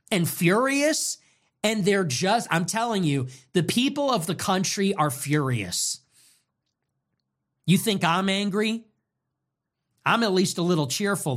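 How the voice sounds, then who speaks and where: A young adult man hosts his own show, his high, fairly bright voice ranting through a heated political monologue. He fires off rapid rhetorical questions and swears now and then.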